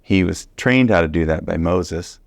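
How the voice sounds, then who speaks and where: Earnest preacher guy, deep and a bit gravelly, animated bible study talk. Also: moderate pace, dry recording, clean studio sound. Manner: earnest, animated storytelling with repeated emphasis.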